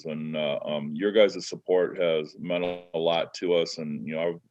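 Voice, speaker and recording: Deep-voiced Midwestern man on a call. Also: fairly even intonation, darkish tone, muffled recording. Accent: Midwestern American. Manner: earnest, grateful, halting. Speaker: guest, networking group leader. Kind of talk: casual chat. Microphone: video call.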